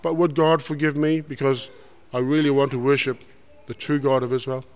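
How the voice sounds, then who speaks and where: A man's voice: medium pitch, steady tone, normal speed, lightly acted. A man voicing a foreign army commander who makes an earnest plea. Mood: pleading. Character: proud foreign army commander, indignant then grateful. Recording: long hall reverb.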